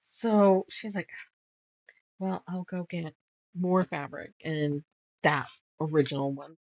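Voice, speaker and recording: Low, slow rambling woman quilter. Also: darkish tone, no room sound, highs cut off. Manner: rambling storyteller, trailing off, laughing at her own stories. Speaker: quilting vlogger. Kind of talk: casual chat while sewing.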